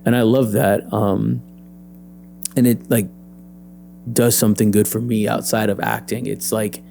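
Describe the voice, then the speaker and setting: A young adult man, an actor and PE teacher, telling his story as an interview guest, lively and acting out the voices he quotes. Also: lowish voice, unhurried, gravelly, slight background noise.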